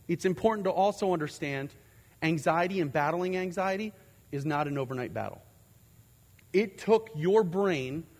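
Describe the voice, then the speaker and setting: A man's voice: on the high side, a little mellow. A man preaching a sermon, earnest, with frequent fillers and restarts as he teaches his congregation. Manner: earnest, repeats words, many fillers and restarts. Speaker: pastor. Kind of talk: sermon on faith and anxiety. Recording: long hall reverb.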